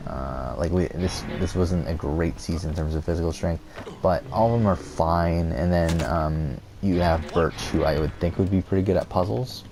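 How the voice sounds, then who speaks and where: A deep-voiced man talks at normal speed through casual gameplay commentary. He rambles with lots of fillers and restarts, swearing at the game when things go wrong.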